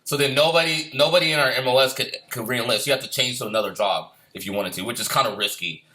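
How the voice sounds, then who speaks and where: A man's voice: medium pitch, fast talker, bright, forceful tone. A man who served as a Marine, telling war buddy stories in a casual, profane way, laughing often and ending lines with "man". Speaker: Marine veteran. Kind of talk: casual storytelling.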